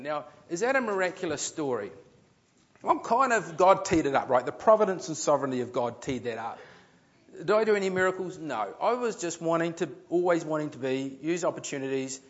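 Chatty New pastor, lo-fi. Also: male voice, medium pitch. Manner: chatty, rambling storyteller with frequent restarts and fillers. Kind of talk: sermon storytelling.

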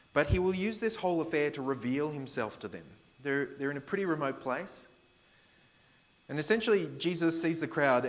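Australian pastor, casual sermon. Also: male voice, medium pitch, a bit bright, dull audio. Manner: conversational, paraphrases scripture in slang.

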